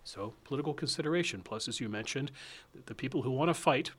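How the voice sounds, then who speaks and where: A man hosting a political interview, asking questions in a brisk, animated, conversational way. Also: mid-range voice, slightly rough. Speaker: host.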